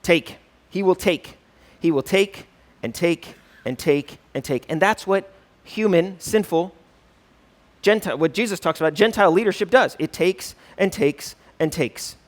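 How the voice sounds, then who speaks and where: A man's voice: sits high, measured pace. A male pastor teaching a church class in a conversational way, often checking in with "right?" and reading scripture aloud with rising emphasis. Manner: conversational, keeps asking "right?".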